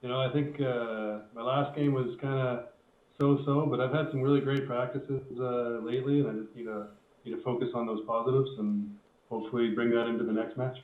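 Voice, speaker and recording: A man who plays darts, answering questions after a loss in a halting, hesitant way over a video call. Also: medium pitch, fairly even intonation. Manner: hesitant, halting, many restarts. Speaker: darts player. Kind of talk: post-match interview. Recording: tinny, echoey call audio.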